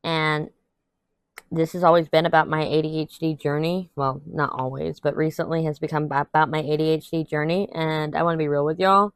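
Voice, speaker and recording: A woman's voice: low voice, fairly even intonation, brisk, smooth, no echo. A young adult woman chatting candidly to her viewers while crafting, rambling and venting with some laughs. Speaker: vlogger. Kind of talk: casual chat to camera while crafting.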